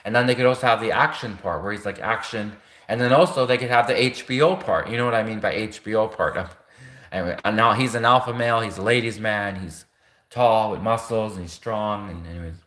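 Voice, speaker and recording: A man's voice: fairly low pitch, brisk, fairly bright tone, echoey room. A man hosting a livestream, talking in a rambling, casual monologue full of fillers. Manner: rambling, heavy on fillers and restarts. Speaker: livestream host.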